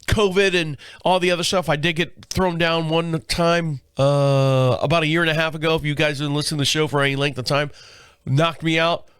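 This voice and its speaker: In a dry, clean studio recording, a man in his fifties hosts a show with a fairly high, fairly bright, clean voice. Sick with a cold and a sore throat, he delivers a casual monologue of rambling, profane stories.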